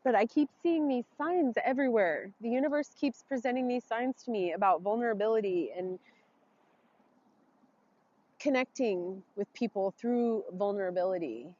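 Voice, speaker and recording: A woman speaking a heartfelt, halting blessing and reflection outdoors, emotional and close to tears. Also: a little high, a little mellow, muffled recording. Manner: heartfelt, tearful, halting with pauses. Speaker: vlogger doing an outdoor ritual. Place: forest, outdoors.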